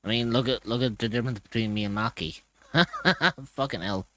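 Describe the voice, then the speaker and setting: A man's voice: medium pitch, moderate pace, pushed and bright, a little hiss or hum. A man from Ireland streaming live, chatting casually, swearing freely and laughing often.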